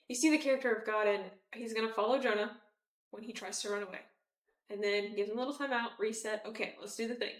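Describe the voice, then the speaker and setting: A woman teaching a casual Bible study, chatty and animated, with many fillers and acted-out quotes. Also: medium pitch, roomy sound, distant mic.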